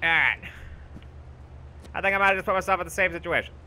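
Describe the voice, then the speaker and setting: A man's voice: sits high, quick pace. Goofy, boastful young man gaming. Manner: boastful, goofy, yelling for help in mock panic. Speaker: gaming YouTuber. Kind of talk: let's play commentary.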